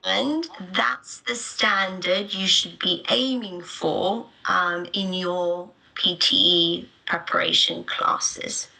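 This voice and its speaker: A woman leads a live online lesson, speaking slowly and deliberately. Her voice has a bright, crisp edge, and she spells out each point plainly for her students. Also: fairly low pitch, steady tone, poor audio. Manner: clear, deliberate explanatory delivery. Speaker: teacher. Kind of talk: live online teaching webinar.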